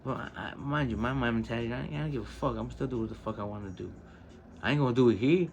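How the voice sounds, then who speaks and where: A man's voice: fast talker, gravelly, a little hiss or hum. Profane streetwise man telling stories. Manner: heavily profane, streetwise slang; animated, pitches up when quoting people. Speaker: podcast host. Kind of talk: casual personal storytelling.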